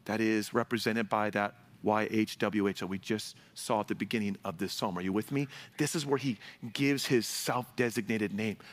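A man's voice: fairly low pitch, fairly even intonation, moderate pace, few pauses. A man preaching a sermon in a conversational way, with asides and little jokes to the congregation. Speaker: pastor.

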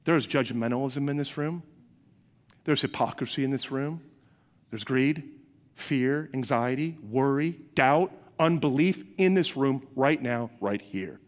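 A man's voice: mid-range voice, a little slow, big-room sound. A man delivering a sermon as pastor, in a conversational way, acting out quoted voices and asking the congregation questions.

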